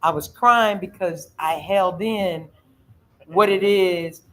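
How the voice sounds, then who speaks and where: Speaking slowly in a fairly low voice, this middle-aged woman shares a personal story as the host of a relaxed chat. She brings each quoted voice to life with feeling in an emotional, animated retelling, captured on a rough recording.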